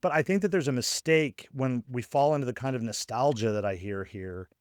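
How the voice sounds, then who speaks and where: A man's voice: mid-range voice, brisk, smooth, no echo, studio quality. A man co-hosting a podcast as a scholar of religion, thinking aloud in a casual discussion with frequent "right?" tag questions. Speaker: podcast co-host.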